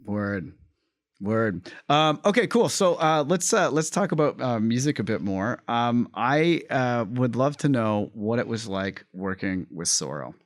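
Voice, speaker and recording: A man's voice: mid-range voice, lively intonation, measured pace, no room sound. A man in a casual podcast conversation, upbeat, enthusiastic and chatty, on a close studio mic.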